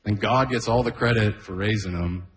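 Male stand-up comic, lower register, casual and giggly delivery, roomy club mic sound. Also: normal speed. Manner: chuckles at his own jokes, loose and conversational. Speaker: stand-up comedian. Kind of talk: stand-up comedy set. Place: comedy club stage with audience laughter.

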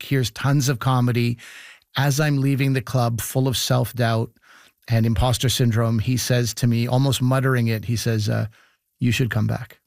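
A man's voice: mid-range voice, vocal fry, a little mellow, dry recording, studio quality. A man hosting an interview who asks thoughtful, loosely phrased questions and shares his own stories. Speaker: interviewer, host. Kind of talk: conversational interview.

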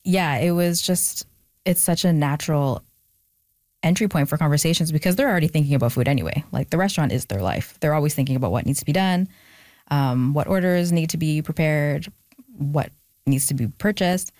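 A woman's voice: low voice, brisk, darkish tone, no room sound, studio quality. A young adult woman, an author, talking candidly and reflectively about her family in an interview. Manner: reflective, candid, gets emotional and laughs it off. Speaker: author guest. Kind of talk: personal interview conversation.

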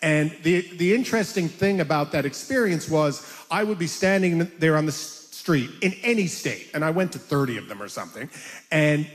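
An older man from Canada, a comedian guest telling animated anecdotes in an interview and acting out voices. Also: a little high, normal speed, in a large hall. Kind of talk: storytelling interview chat.

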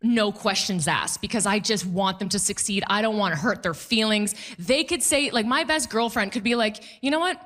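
Punchy, bright-voiced woman comedian. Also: mid-range voice, normal speed, few pauses. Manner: animated, punchy, laughs at her own jokes. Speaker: stand-up comedian. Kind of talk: stand-up comedy set.

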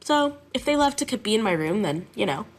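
A woman music teacher telling chatty, animated stories in a radio interview. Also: mid-range voice, a little fast.

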